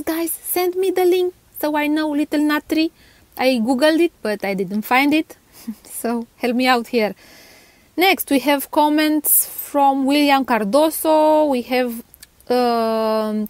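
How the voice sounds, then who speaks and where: A woman with a Romanian accent, a toy channel host, chatting casually as she reads out viewer comments with little laughs and stumbles over names. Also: high voice.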